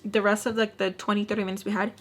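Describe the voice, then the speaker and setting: A young woman vlogging a casual storytime while doing her makeup, full of likes and quick restarts. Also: mid-range voice, level tone, slight background noise. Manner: chatty, many likes and restarts; voices others in quoted bursts.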